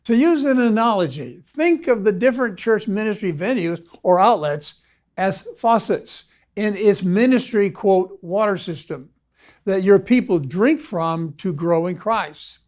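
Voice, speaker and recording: A man, a ministry consultant, reading a scripted video lecture in a measured, formal way. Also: high-pitched, animated, a little mellow. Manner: measured, formal read-aloud delivery. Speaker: ministry consultant and course instructor.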